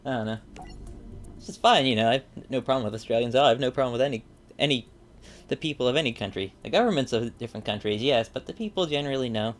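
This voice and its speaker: With faint music in the background, a man talks fast in a medium-pitched voice. He's a let's play gamer playing a card game, and his commentary is chatty and rambling, full of fillers and asides.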